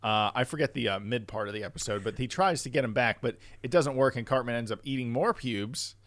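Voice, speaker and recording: A man co-hosting a casual podcast, chatting in a relaxed way and recapping an episode. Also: medium pitch, brisk, no echo. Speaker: podcast co-host.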